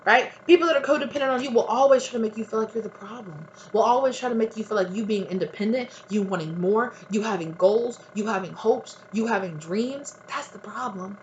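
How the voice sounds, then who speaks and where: A woman's voice: fairly high pitch, a little fast, few pauses, muffled recording, a little hiss or hum. A woman giving a tarot reading in a casual, blunt, emphatic monologue. She swears freely and keeps asking the viewer "right?". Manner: talks straight to the viewer, often adds "right?". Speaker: tarot reader. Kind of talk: casual spiritual advice monologue.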